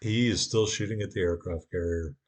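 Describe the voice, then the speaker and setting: A man's voice: low-pitched, fairly quick. A man giving a sarcastic, wry voice-over commentary on his own gameplay.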